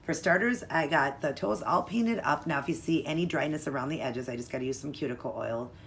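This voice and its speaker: A woman's voice: sits low, fairly quick, a little hiss or hum. A woman hosting her own nail art channel, talking through a tutorial in a chatty, upbeat way and explaining each step. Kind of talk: casual tutorial chat.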